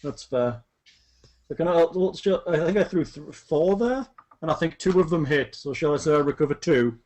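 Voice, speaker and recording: A man playing a tabletop game, talking casually with frequent halting restarts. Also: a little high, a little mellow. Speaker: player.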